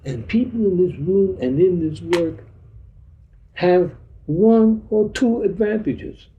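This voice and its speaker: A spiritual teacher gives an informal talk to a group in a meeting room, speaking bluntly in heavy street slang and acting out little dialogues. His voice sits high and moves at a slow pace, and the audio sounds dull.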